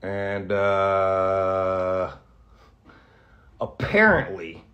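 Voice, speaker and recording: A man, a radio host, talks candidly and off the cuff, halting and restarting often, with lots of profanity and earnest emotion. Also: sits low, a bit bright, dull audio. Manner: halting, rambling, heavy profanity, frequent restarts; earnest, emotional about being grateful. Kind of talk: candid off-the-cuff vlog talk.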